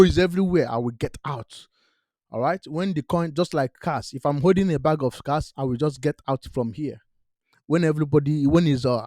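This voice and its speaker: A man's voice: on the high side, dark tone, no room sound. A man hosting a crypto channel, talking straight to viewers in an emphatic, repetitive way and often checking in with "all right?". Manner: emphatic, repeats "all right?", non-native grammar. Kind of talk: direct-to-camera investment talk.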